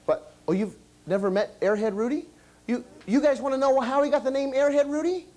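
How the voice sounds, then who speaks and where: A man's voice: very high voice, fairly quick. A man performing as a children's entertainer, telling a comic story on stage and firing questions at the kids. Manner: animated, quizzes the kids.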